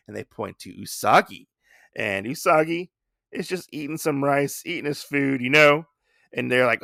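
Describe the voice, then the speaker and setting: Male podcast host, chatty and enthusiastic, bright gravelly voice. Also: medium pitch, expressive, moderate pace, no room sound, studio quality. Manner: enthusiastic retelling with many fillers. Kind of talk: casual comic book review.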